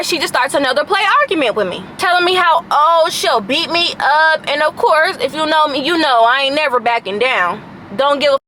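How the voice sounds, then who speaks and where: High bright young woman telling a story. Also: a little hiss or hum. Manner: animated, slangy, sassy retelling. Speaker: vlogger. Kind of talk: casual storytime.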